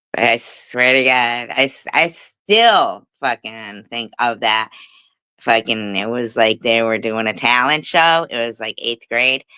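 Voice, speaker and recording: A woman's voice: very deep voice, lively intonation, slow, sharp tone, clear, resonant tone, dry recording, rough recording. A middle-aged woman telling a rambling story in casual livestream chat, laughing often and swearing freely. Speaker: livestream host. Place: home livestream.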